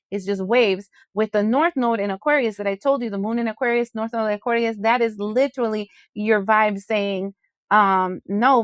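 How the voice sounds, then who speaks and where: A woman's voice: medium pitch, no echo, studio quality. A woman hosting an astrology channel, giving a frank, chatty daily forecast with mild swearing. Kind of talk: casual spoken astrology forecast.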